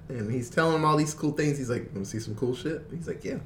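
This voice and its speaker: A man's voice: medium pitch, fast talker, a little hiss or hum. A man casually retelling a zombie film plot, laughing often and acting out the characters' lines. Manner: animated storyteller, laughs often, mimics characters. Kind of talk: casual movie recap chat.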